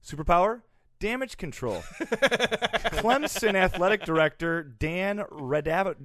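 A man's voice: high voice, expressive, takes it slowly, fairly bright tone, no echo. Playful man hosting a sports podcast. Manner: mock-formal, laughs through his lines. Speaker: podcast host. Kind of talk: comedic sports podcast banter.

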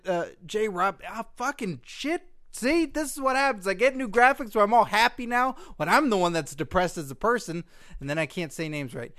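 A man's voice: high-pitched, animated, moderate pace, a bit bright, dry recording, studio quality. A man co-hosting a podcast in casual chat, joking and swearing freely. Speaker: podcast co-host.

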